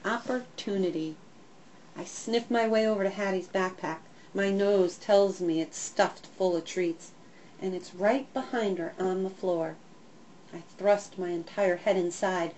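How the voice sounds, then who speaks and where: A woman narrating a first-person children's story in a lively, expressive way. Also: medium pitch, measured pace, slight background noise, rough recording. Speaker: audiobook narrator.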